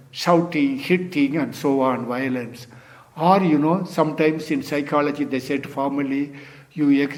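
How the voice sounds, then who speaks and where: A man's voice: on the high side, darkish tone. An older man, a Zen teacher, giving a dharma talk in loose, non-native English, often adding "you see" and "you know.".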